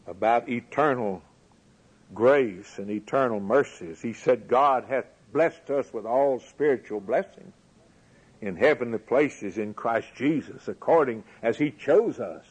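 A man's voice: medium pitch, breathy edge, rough recording. A man preaching a sermon, building his points with rhetorical questions and a rising, emphatic cadence.

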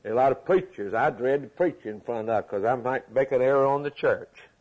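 Male preacher, slightly husky, emphatic repetitive sermon delivery. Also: medium pitch, fairly quick, highs cut off.

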